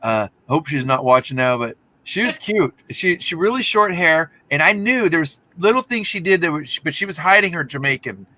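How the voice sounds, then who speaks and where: A man's voice: fairly high pitch, lively intonation, moderate pace, few pauses, bright, forceful tone. A man from Texas hosting a casual video-call chat, a rambling storyteller who acts out the voices of the people he quotes. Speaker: host.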